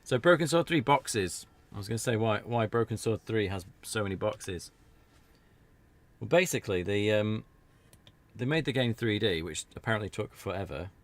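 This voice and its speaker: A man's voice: on the low side, expressive, normal speed. A British man giving rambling, jokey commentary while playing a video game. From Britain. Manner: rambling, chatty, jokey asides. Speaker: let's play streamer. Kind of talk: casual gameplay commentary.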